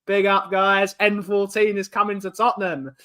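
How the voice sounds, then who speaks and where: A man's voice: high-pitched, level tone, moderate pace, pushed and bright. A man hosting a casual live-stream chat from home, greeting viewers in the chat one by one. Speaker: livestream host.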